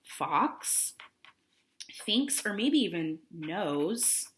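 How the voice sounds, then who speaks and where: A woman teacher giving a recorded reading lesson for children, expressive and encouraging, asking questions along the way. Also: on the low side, extremely slow, slight background noise.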